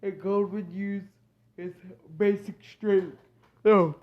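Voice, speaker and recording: A woman's voice: medium pitch, steady tone, takes it slowly. A woman improvising a fan-fiction story, rambling and hesitant, correcting herself often. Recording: dull lo-fi recording.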